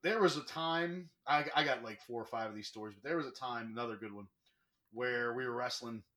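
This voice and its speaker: Bright-voiced man telling animated stories. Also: medium pitch, fairly quick. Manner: animated, lively anecdote-telling. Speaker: professional wrestler guest. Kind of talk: casual storytelling.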